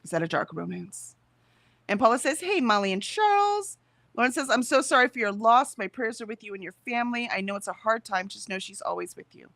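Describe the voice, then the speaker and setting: A woman's voice: mid-range voice, fast, gravelly, a bit bright, dry recording. A woman co-hosting a casual stream, chatting and reading viewer comments aloud, laughing often. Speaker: co-host of a productivity stream. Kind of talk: casual chat reading out live chat.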